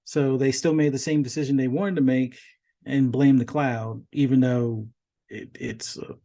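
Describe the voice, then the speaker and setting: A man's voice: medium pitch, fairly even intonation, normal speed, mellow. A man co-hosting a gaming podcast, talking things through in casual chat and often restarting his sentences. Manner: hesitant, restarts sentences while reasoning. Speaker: podcast co-host.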